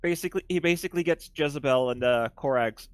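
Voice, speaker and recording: A man plays in a tabletop game, talking in a halting, hesitant way. His voice is smooth and fairly high. The sound is dry. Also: no echo. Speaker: player. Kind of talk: casual tabletop game play.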